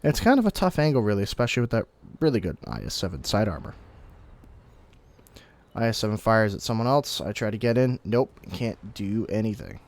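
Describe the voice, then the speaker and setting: A young man giving casual, explanatory commentary over his own gameplay, breaking into sudden excited outbursts now and then. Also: on the low side, fairly quick. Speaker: gaming commentator.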